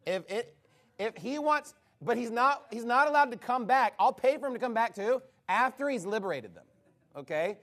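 A man's voice: extremely high pitch, lively intonation, moderate pace, a bit bright. A man preaching a sermon, retelling a story with mocking, incredulous sarcasm.

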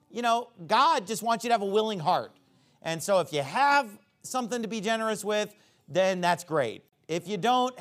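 A man preaching a sermon, reading Bible verses and explaining them in plain everyday talk. He climbs high and loud for emphasis, then drops low to explain.

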